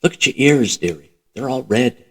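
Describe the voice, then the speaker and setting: A man's voice: medium pitch, lively intonation, moderate pace, fairly bright tone, slightly rough, voice pushed up. A man voicing a weary, kind, motherly British wartime woman who calls others dear in a storybook reading. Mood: fond.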